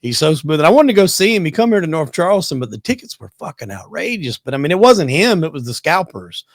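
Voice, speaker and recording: A man's voice: a little high, sing-song, fast talker, dry recording. Laid-back man in a dry room. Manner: laid-back, profane, rambling. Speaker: podcast host. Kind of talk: casual podcast chat.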